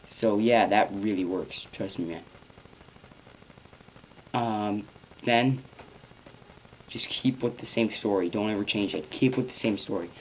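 A teenage boy giving casual advice in a rambling home vlog, swearing offhandedly and filling pauses with ums. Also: on the low side, slight background noise, rough recording. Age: teens. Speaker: vlogger.

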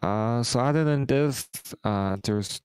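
A man's voice: medium pitch, slow pace, a little mellow, smooth, no room sound, rough recording. A man hosting a casual live stream, talking through market charts in a hesitant way with many fillers and restarts. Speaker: host.

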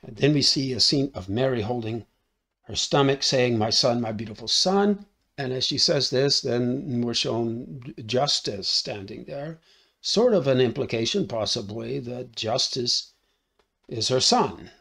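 A man's voice: mid-range voice, lively intonation, unhurried, fairly bright tone, husky. A man giving a casual spoken film review, recapping the plot and tagging his sentences with "right?" between frequent fillers. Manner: conversational, thinking aloud.

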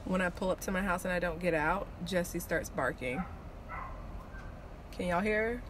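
A woman talking casually into her phone while sitting in her truck and walking outdoors, chatty and animated, swearing freely. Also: fairly low pitch, moderate pace. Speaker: vlogger. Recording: outdoor noise and traffic.

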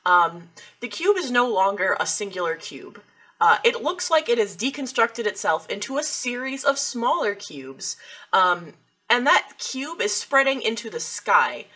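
Bright-voiced woman game master. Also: on the high side, very animated, unhurried, husky. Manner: casual, with many ums and uhs. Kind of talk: narrating a tabletop game.

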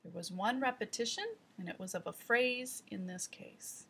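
A woman teaching trainees in an instructional voice-over, explaining deliberately and speaking straight to the viewer. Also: medium pitch, vocal fry, a bit bright, slight background noise.

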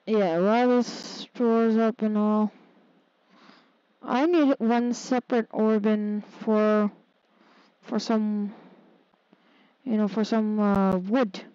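A woman's voice: medium pitch, mellow, dry recording, muffled recording. A woman playing a city-building game, talking to herself casually and getting exasperated when things go wrong. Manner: muttering to herself, easily exasperated. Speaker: gaming streamer. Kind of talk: casual gameplay commentary.

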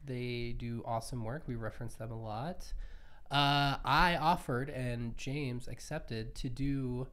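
A man in the middle of his range chats casually as a podcast co-host. He sounds relaxed and a little sleepy, rambling loosely through a live stream. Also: mid-range voice, clear, resonant tone.

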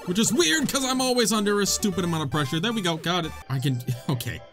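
A young man giving comedic, excitable commentary while playing a video game, laughing often, with game music behind him. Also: high voice, quick pace. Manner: joking, excitable, frequent laughter. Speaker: gaming YouTuber. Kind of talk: comedic let's-play commentary.

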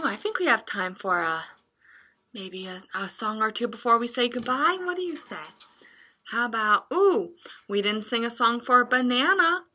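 Slow, bright sing-song woman storyteller. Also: medium pitch. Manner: sing-song, playful, with animal sounds and laughs. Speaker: children's librarian. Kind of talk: reading a picture book aloud to young children.

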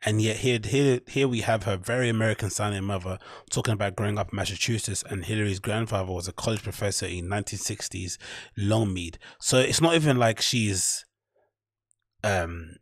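A man's voice: lowish voice, moderate pace, dry recording, clean studio sound. A man hosting his own podcast, rambling through casual solo commentary with lots of fillers and "right?" tags. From London. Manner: rambling, frequent fillers and tag questions. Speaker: podcast host.

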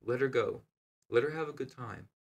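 A man's voice: medium pitch, moderate pace, natural voice. A man doing a confident, joking family father. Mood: reassuring. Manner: reassuring, firm.

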